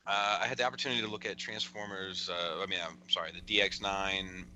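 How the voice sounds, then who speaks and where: With a deep voice and fairly even intonation, a man co-hosting a casual toy-collecting podcast talks fast in a pushed, bright way. He rambles through a loose chat full of fillers, restarts and cursing.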